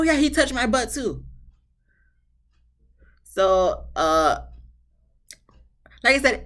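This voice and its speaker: A woman hosts a casual reality TV recap. She is sassy and animated, and she fires questions back at the people on screen. Her pitch swings widely and with energy.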